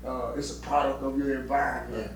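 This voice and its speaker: A man's voice: medium pitch, fairly even intonation. Middle-aged man sharing his testimony, stumbling and repeating, recorded far off in a very roomy space. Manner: halting, repeats words, heartfelt. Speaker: interviewee giving testimony. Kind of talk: personal testimony interview. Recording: echoey room, distant mic, faint noise.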